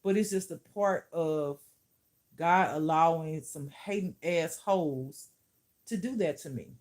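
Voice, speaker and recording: A woman's voice: low voice, measured pace, a little mellow. A woman who teaches spirituality, talking to camera in a casual vlog, blunt and profane, often laughing.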